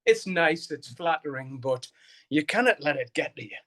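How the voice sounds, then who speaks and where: A man's voice: on the high side, expressive, normal speed, fairly bright tone. A middle-aged man with a Geordie accent, a musician guest rambling through stories with lots of swearing and laughter. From Newcastle, England. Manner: rambling storyteller, heavy swearing, frequent laughter, many restarts. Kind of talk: casual interview chat.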